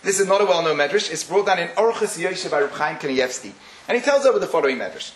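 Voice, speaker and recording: Male speaker, animated storyteller, slightly high voice, roomy recording with faint hiss. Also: fast. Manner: animated storyteller, many fillers. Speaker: speaker giving a religious talk. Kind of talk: storytelling religious talk.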